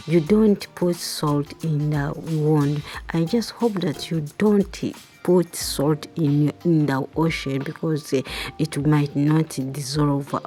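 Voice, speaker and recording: Low, mellow-voiced woman retelling a film. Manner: halting, restarts, quotes characters' lines. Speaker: movie recap reviewer. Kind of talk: casual retelling of a film plot.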